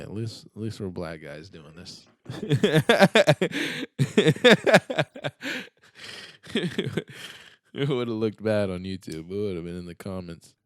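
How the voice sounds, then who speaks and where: A young man with a somewhat low, smooth and clear voice talks in a loose, rambling, slang-heavy way. He sounds recorded close and dry in a studio, with no room echo. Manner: laid-back, slangy, rambling with many fillers. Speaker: podcast guest. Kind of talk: casual podcast chat.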